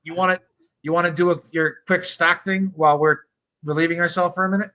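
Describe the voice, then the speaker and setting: Bright-voiced man telling a rambling story. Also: on the high side, fairly even intonation, fast, rough recording. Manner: rambling storyteller, swears freely. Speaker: podcast co-host. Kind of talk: casual chat.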